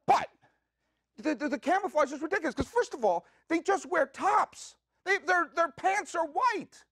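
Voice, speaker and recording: A man in his thirties or forties hosting a comic solo podcast in a high, wildly swooping voice. He rambles with excitable jokes and quick asides. The sound is dry and close, taped in a small community media studio. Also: no room sound. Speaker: podcast host.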